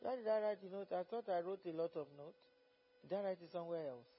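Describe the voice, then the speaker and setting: High-voiced man preaching fervently, lo-fi. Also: fast talker, slightly rough. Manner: fervent, repeats phrases, rises to loud exhortation. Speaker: pastor leading a Bible study. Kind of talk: preaching Bible teaching. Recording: dull lo-fi recording.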